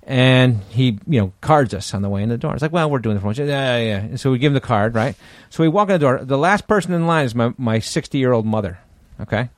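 A man co-hosting a podcast who rattles off profane anecdotes at a quick clip. His mid-pitched voice is recorded dry and close to the mic. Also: expressive, no room sound. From Connecticut. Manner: fast, profane anecdote telling. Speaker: podcast co-host. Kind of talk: casual podcast chat.

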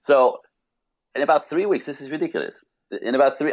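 A man speaking as a podcast guest, telling a personal story in an animated way, with many restarts and rhetorical questions. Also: a little high, fairly quick, no room sound, highs cut off.

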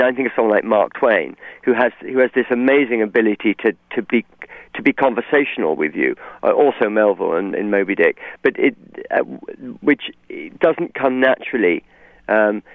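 This radio interview guest, an author from England, speaks in received pronunciation at medium pitch, discursive and articulate but prone to restarts. The sound is dry and comes through a tinny phone line.

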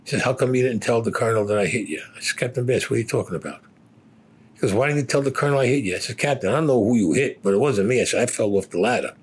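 A man's voice: fairly low pitch, expressive, racing, husky. An older man from Brooklyn, bluntly telling profane stories about his past and acting out the dialogue. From Brooklyn, New York. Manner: blunt, swears constantly, acts out quoted dialogue. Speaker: interviewee. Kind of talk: profane personal storytelling.

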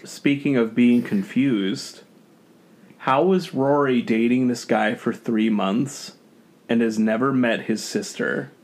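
A man's voice: mid-range voice, slow pace, a little mellow. A man as a podcast guest in casual chat, opinionated and often restarting his sentences.

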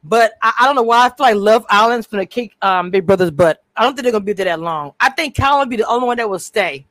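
A woman's voice: medium pitch, fast, a bit bright, no room sound. A woman co-hosting a casual recap chat over a video call, talkative and prone to drifting off topic with many restarts. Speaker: co-host.

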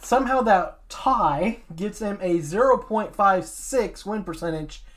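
Man rattling off football standings. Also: high voice. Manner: reads standings in a steady list, adds quick asides. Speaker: sports podcast co-host. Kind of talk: casual sports talk.

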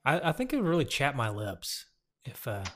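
A man's voice: mid-range voice, wildly swooping pitch, moderate pace, fairly bright tone. A man co-hosting a podcast in casual chat, trading dry jokes. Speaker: podcast co-host.

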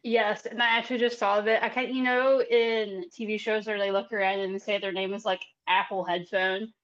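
A woman's voice: mid-range voice, flat delivery, moderate pace, a bit bright, muffled recording. A woman guest on a podcast in casual chat, with wry, self-mocking humor.

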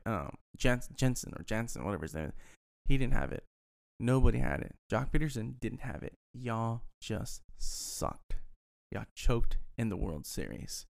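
Speaking with a creaky, medium-pitched voice of darkish tone, an angry sports fan vents casually and with plenty of profanity. His heated rant keeps looping back on itself.

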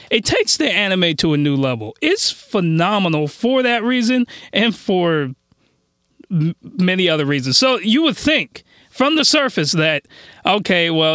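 Excited young man reviewing anime. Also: fairly high pitch, clear, resonant tone, dry recording, clean studio sound. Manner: enthusiastic, laughing, lots of restarts. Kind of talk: casual review chat.

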